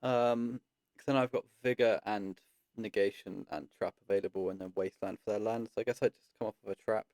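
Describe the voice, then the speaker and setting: A man with a gravelly, rather low voice narrates his card game as he plays. He thinks out loud in a loose, unhurried way, stopping often to weigh his options. The sound is close and dry. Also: no room sound. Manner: thinks aloud, relaxed, frequent ums. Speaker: card game content creator. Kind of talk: casual gameplay commentary.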